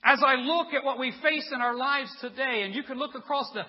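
High-voiced pastor preaching in a reverberant church. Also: male voice, a little fast, dull audio. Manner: animated storytelling, acts out voices. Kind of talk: sermon.

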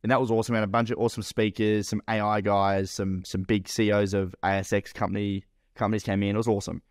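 A man's voice: lowish voice, little pitch movement, quick pace, dry recording, studio quality. A man co-hosting a podcast, telling a story in a rambling, casual way, full of fillers and swearing. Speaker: podcast co-host and business owner.

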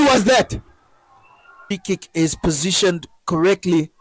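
A man giving excited live football commentary, breaking into shouts at chances and goals. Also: very high-pitched, measured pace, no room sound, low-quality recording.

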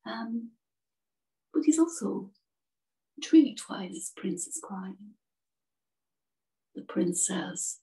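Woman telling a story, slow and gentle, creaky mellow voice, mic far off. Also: fairly high pitch, expressive. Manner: unhurried, gentle narration. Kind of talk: spoken storytelling. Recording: distant from the mic.

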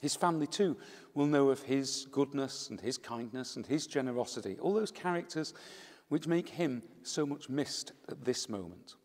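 A man, a priest, giving a measured, gentle homily at a funeral Mass. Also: mid-range voice. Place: church. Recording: long church reverb.

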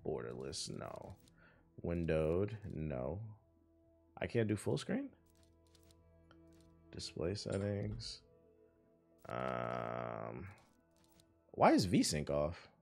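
A man's voice: rumbling low, huge pitch swings, very slow, gravelly, long pauses, a little mellow, soft background music. A man giving casual, profane, joking commentary while playing a video game on stream. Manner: loose, profane, laid-back joking.

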